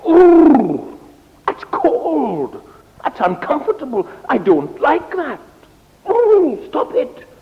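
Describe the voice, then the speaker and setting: A man putting on a fussy, whining fire from a children's story, high and plaintive, with a gravelly edge and a long echo around it. It frets and complains in a lilting, sing-song way. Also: wildly swooping pitch, slow, narrow, tinny audio, heavily acted. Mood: whiny. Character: whining, complaining fire that hates the cold bellows.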